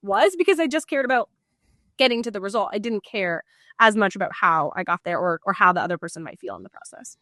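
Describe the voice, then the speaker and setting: A woman from Canada, chatting as a guest and telling animated stories. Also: medium pitch, fast talker, no echo, clean studio sound. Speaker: guest, former CEO. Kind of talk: casual interview chat.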